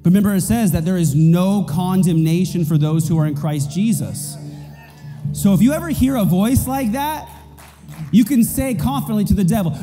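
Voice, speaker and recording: A man's voice: high-pitched, animated, normal speed, dark tone, big-room sound, faint music behind. A man preaching a sermon as pastor, emphatic and repeating his key points. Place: church auditorium.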